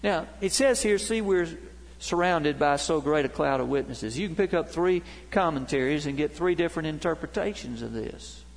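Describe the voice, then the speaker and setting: Middle-aged guy preaching in a big church, gravelly voice a bit high, long echo. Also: expressive, normal speed, hardly any pauses. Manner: storytelling preacher, voice rising and dropping. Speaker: pastor. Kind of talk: sermon. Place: church sanctuary. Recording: long reverb of a big hall.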